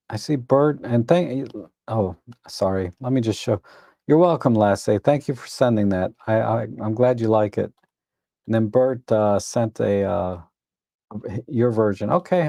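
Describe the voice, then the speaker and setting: A man hosts a live photo editing stream in a relaxed, meandering way. He often restarts his sentences and sounds a little tired. His voice is gravelly and mellow, and the recording is close and dry. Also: medium pitch, dry recording. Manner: relaxed, rambling, self-correcting with frequent restarts; tired, admits yawning. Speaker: photo editing livestream host. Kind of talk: casual live commentary.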